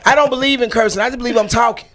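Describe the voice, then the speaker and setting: A woman's voice: fairly high pitch, steady tone, very fast, a crowd in the background. A woman from Atlanta with a Southern accent, hosting a casual talk show in an outspoken, emphatic way with plenty of cursing. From Atlanta, USA. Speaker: host.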